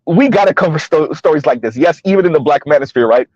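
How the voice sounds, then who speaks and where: A man's voice: on the high side, lively intonation, fast talker, darkish tone, no echo, lo-fi sound. A man hosting a casual commentary channel while driving, chatting loosely, laughing often and tagging sentences with "right?". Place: inside a car on the road.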